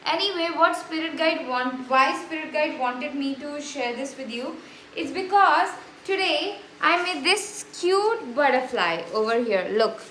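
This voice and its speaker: A woman's voice: high-pitched, animated, a little slow, fairly bright tone, roomy sound, a little hiss or hum, rough recording. A woman hosting a spiritual vlog, chatty and effusive, with many fillers and restarts. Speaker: spiritual channel host. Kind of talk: casual spiritual vlog talk.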